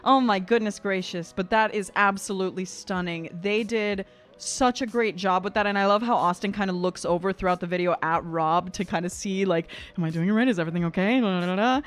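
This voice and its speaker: A young woman who is an opera singer and vocal coach, chatting excitedly as she reacts and explains singing technique. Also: mid-range voice, a little fast. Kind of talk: casual reaction commentary.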